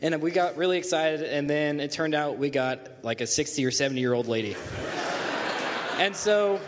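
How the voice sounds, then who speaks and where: A man's voice: a little high, moderate pace, long reverb tail, heavy background noise. A teenage boy casually telling a group a funny story and acting out the quotes. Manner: animated, acts out quotes.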